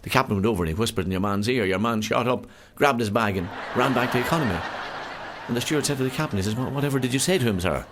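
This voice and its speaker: A man's voice: lowish voice, noisy background. A man telling jokes as a stand-up comedian, with many "he says" tags. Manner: rapid storyteller, repeats "he says".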